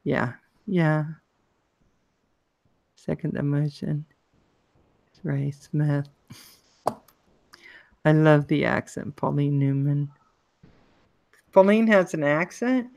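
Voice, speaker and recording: Maryland woman hosting a live chat, unhurried and chatty, smooth dry close voice. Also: low-pitched, a little mellow, no echo, lo-fi sound. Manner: chatty, greets viewers by name, laughs often. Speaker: livestream host. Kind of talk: casual live chat reading comments.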